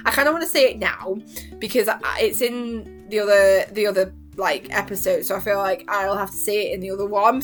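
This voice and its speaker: A young woman talks in an excited, casual way, gushing and acting out little quotes between laughs. Her voice sits at an ordinary middle pitch, and faint music plays softly underneath. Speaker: YouTuber reviewing a TV series.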